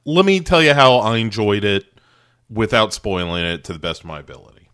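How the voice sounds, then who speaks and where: With a fairly low, smooth, slightly bright voice, this American podcast co-host talks about films a little fast and with big pitch swings. He rambles wryly and laughs now and then during the casual chat.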